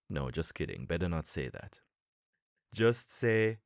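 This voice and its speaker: Man, podcast language coach, very low voice, animated pitch, dry close sound. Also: measured pace, vocal fry, no room sound. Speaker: podcast host and English coach. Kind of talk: scripted podcast lesson.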